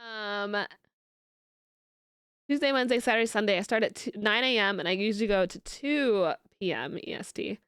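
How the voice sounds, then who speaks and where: A woman's voice: medium pitch, normal speed, fairly bright tone, clear, resonant tone, dry recording, clean studio sound. A woman streamer chatting casually with her viewers, rambling and restarting her sentences. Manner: rambling, many fillers and restarts.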